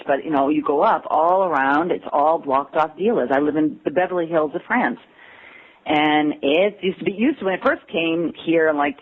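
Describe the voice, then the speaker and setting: An American woman talking as an interview guest, telling stories and acting out quotes with a laugh. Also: lowish voice. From United States. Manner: animated storyteller who acts out quotes and laughs. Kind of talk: casual interview conversation. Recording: tinny phone line.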